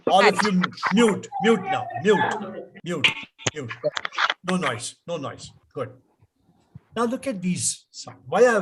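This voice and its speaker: A man with an Indian English accent teaching pronunciation in an online class, slow and patient, repeating words for students to echo. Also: sits high, fairly bright tone, a little hiss or hum.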